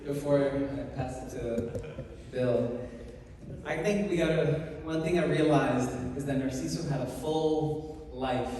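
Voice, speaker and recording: A man with a somewhat high voice reminisces in a chatty way, dropping joking asides. He sounds distant, his voice washing around a large, reverberant hall. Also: fairly even intonation, unhurried, darkish tone, a little hiss or hum. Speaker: memorial speaker. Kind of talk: casual reminiscing. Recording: echoey hall from far off.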